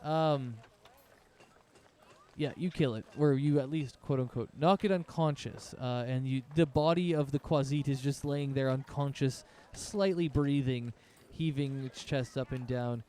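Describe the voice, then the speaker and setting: A man narrating as game master of a tabletop game, relaxed and loose, with restarts. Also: mid-range voice, measured pace.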